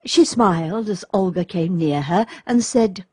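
Lady reading an old storybook, slow and calm, husky voice, dry close sound. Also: lowish voice, no echo. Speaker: audiobook narrator. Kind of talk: storybook narration.

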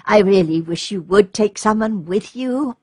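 Woman reader as worried old nurse, slow, breathy, near her own voice. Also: medium pitch, a little mellow, no room sound, studio quality. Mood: fretful. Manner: fretful, cautious.

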